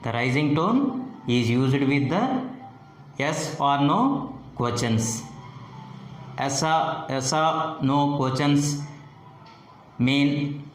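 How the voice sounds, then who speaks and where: A man teaching English intonation, repeating example sentences slowly with exaggerated rising and falling tones. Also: a little high, expressive, faint music behind. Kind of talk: slow phonetics lesson with spoken examples. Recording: echoey room with faint ambient noise.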